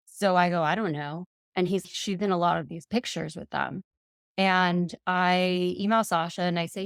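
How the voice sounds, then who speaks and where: A woman's voice: on the low side, normal speed, clean tone, no room sound, clean studio sound. A woman in her thirties, a podcast guest, earnestly retelling a personal story and quoting messages aloud.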